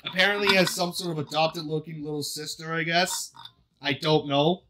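Guy hosting a chill group podcast, laughs a lot, teases his friends, pretty bright voice. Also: on the high side, a little fast, a little hiss or hum. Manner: laughing, teasing, excitable. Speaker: podcast host. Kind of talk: casual group chat.

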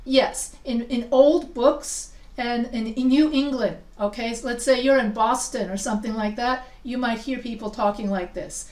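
Her voice fairly high, a little mellow, and fairly even in intonation, a woman leads a live writing lesson at a moderate pace with few pauses. She chats, quizzes her students, and restarts sentences often, heard distantly in an echoey room.

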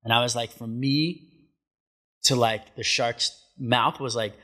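A middle-aged man, a surfer guest on an interview show, telling a story in a casual, animated way, acting out what people said and saying "like" a lot. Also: mid-range voice, slow. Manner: animated storyteller, acts out quotes, many filler likes.

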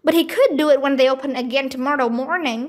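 A woman's voice: sits high, fast talker, close to an everyday voice. A woman reading as a worried boy. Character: boy Lucky, worried older brother.

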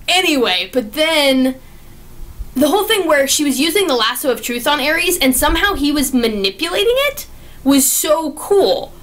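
A young woman talks through a movie review in a high, bright voice. She gushes and gets excited, often restarting her sentences as her thoughts run ahead of her words. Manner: gushing and excitable, with many restarts. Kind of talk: casual spoken movie review.

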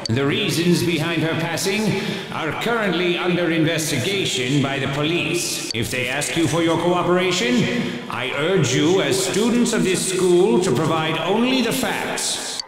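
A man's voice: a little high, animated, a little slow, fairly bright tone. A man voicing a stern school official making a formal announcement to students in a video game. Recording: echoey hall from far off, with music.

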